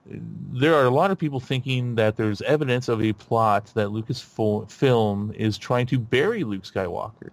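A man hosting a podcast in a casual chat, rambling with lots of fillers and restarts and getting animated. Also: lowish voice, moderate pace, creaky, hardly any pauses, dry recording. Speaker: podcast host.

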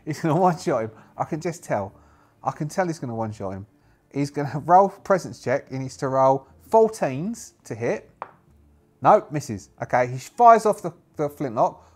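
A man's voice: mid-range voice, lively intonation, normal speed. Rambling man playing a solo tabletop game. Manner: rambling, thinking aloud with many fillers. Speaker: solo game player and narrator.

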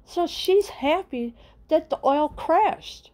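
A woman's voice: extremely high pitch, expressive, takes it slowly, a little mellow. A middle-aged woman hosting her own channel, delivering an indignant political rant and firing off repeated rhetorical questions. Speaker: channel host.

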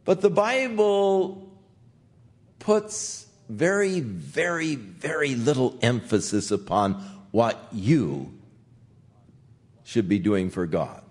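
Older male pastor, conversational Bible teacher, animated pitch, gentle and unhurried. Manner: gentle conversational teaching, acting out quotes softly.

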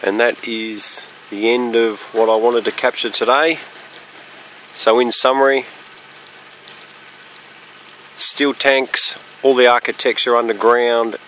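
A man walking around his rural property outdoors, explaining his fire sprinkler system in a plain, practical, matter-of-fact way with pauses. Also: medium pitch, little pitch movement, fairly bright tone, slight background noise. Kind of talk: casual walkthrough narration. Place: outdoors on a rural property near a running pump.

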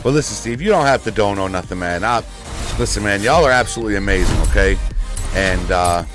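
A man chatting casually with viewers while he streams a racing game, excitable and prone to sudden shouts into his desk microphone. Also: on the low side, fairly quick, over music. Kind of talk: casual live-stream chat.

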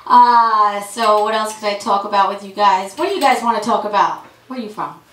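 A woman's voice: mid-range voice, fairly quick, fairly bright tone. A woman, doing a brash, crude, conversational stand-up set in a comedy club. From Brooklyn, New York. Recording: roomy club from a distant mic, noisy.

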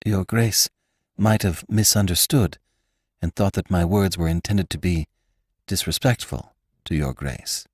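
A man voicing a humbled young actress in a storybook reading, speaking hesitantly in a soft, raised voice. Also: sits low, measured pace, husky, no room sound, clean studio sound. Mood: anxious, pleading. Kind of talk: audiobook character voice.

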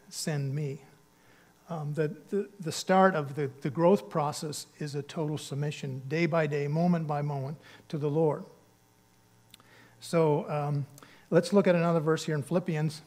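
A male pastor's slightly high, darkish voice fills a church sanctuary as he preaches. He keeps it earnest and conversational while punching out key words in emphatic bursts.

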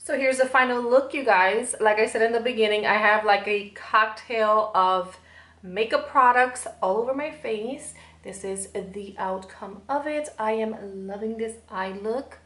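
A woman's voice: fairly high pitch, a little slow, fairly bright tone, echoey room. A woman with a Spanish accent talking through a makeup tutorial step by step as a beauty vlogger. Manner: chatty, step-by-step instructions.

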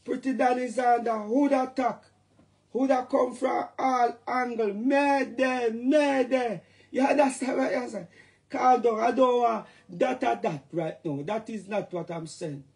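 Man, Jamaican accent, middle-aged, high voice, gravelly, joking patois livestream rant. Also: a little slow.

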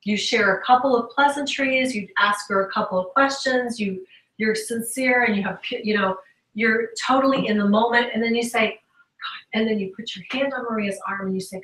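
A guest speaker and sales trainer delivers an upbeat motivational talk, animatedly acting out quoted conversations within her stories. Her bright, sharp voice sits a little high at a normal speed. She's far from the mic in an echoey room.

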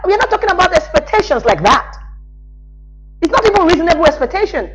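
A woman's voice: high voice, poor audio. A woman giving a spoken parenting lesson as a coach, talking directly to parents in a scolding yet reassuring way and laughing often.

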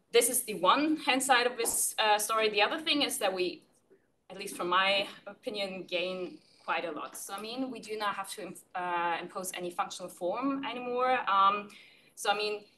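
A woman with a bright, forceful tone answers comments on her paper at a conference, speaking steadily but hesitantly, with many filler sounds. She sounds distant from the mic, and faint room noise sits underneath. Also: medium pitch. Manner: measured, hesitant, frequent "um"s. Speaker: paper author responding to discussant. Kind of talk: academic reply.

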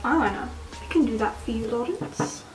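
Brief: chatty young woman vlogging her makeup, high voice, far from the mic with music under her. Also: moderate pace. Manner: chatty, giggly and excitable. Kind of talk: casual makeup vlog chat. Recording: roomy, distant mic with background music.

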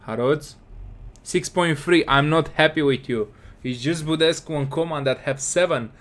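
A man with casually commentating his football game, excitable and scolding his players. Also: a little high, normal speed. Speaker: gaming commentator.

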